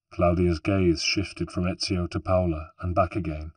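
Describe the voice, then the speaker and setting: A man reading an audiobook in steady, even scripted narration. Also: deep voice, moderate pace, hardly any pauses, slightly rough, dry recording.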